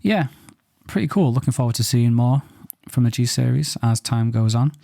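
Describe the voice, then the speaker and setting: A man's voice: mid-range voice, expressive, moderate pace, creaky, mellow, no room sound, clean studio sound. A man hosting a photo reaction show, chatting casually and thinking aloud with playful banter. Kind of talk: casual commentary on viewer photos.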